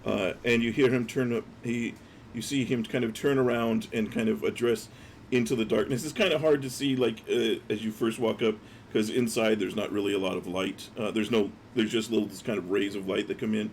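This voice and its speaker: A man narrating a tabletop game as dungeon master. His voice is lowish and gravelly. He talks in loose, hesitant phrases with plenty of ums and uhs. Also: steady tone, brisk, slight background noise. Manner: loose, filler-heavy narration.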